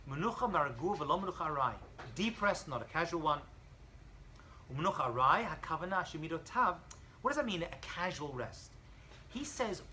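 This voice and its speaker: A man lecturing as a rabbi in a college classroom, lively and storytelling, acting out characters as he goes. His tone is bright and forceful. A faint hum of the room sits under the voice. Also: a little high, rough recording. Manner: animated storyteller, acts out dialogue, jokes with students.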